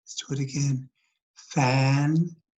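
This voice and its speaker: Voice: mid-range voice, animated, slow, a little mellow, rough recording. A teacher giving a recorded phonics lesson, speaking patiently, repeating each word and asking the listener questions. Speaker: dyslexia teacher.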